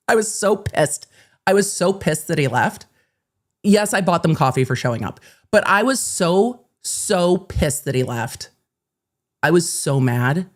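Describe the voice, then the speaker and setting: A woman host telling a story casually to camera, blunt and animated, swearing freely and acting out both sides of the conversation. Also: lowish voice, unhurried. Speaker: host and lawyer.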